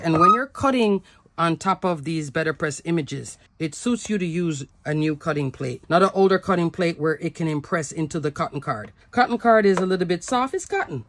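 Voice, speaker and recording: A woman's voice: fairly low pitch, noisy background. A woman hosting a step-by-step card-making tutorial, chatty and talking through each step, laughing at herself now and then. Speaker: craft tutorial host. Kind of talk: step-by-step crafting demo.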